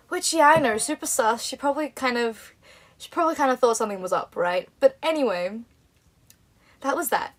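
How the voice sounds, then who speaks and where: A woman's voice: high-pitched, moderate pace. A young woman hosting a livestream, telling a story casually to fans. She rambles, giggles often and acts out other people's lines. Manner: animated and giggly, rambling with restarts. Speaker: livestream host.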